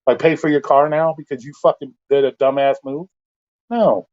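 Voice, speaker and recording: A man's voice: on the high side, steady tone, normal speed, darkish tone, muffled recording. A man hosting a casual livestream, ranting bluntly with heavy profanity and exasperation. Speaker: livestream host.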